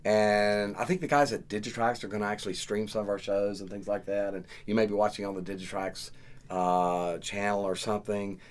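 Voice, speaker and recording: Low-voiced Southern man hosting a chat. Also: brisk. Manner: animated, joking, acts out stories. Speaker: podcast host and karaoke KJ. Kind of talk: casual chat.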